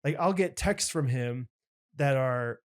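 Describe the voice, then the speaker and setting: A young man co-hosts a casual podcast chat in a middle-pitched voice. He talks earnestly and circles around his points, with many filler words and restarts. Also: slow. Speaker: podcast co-host.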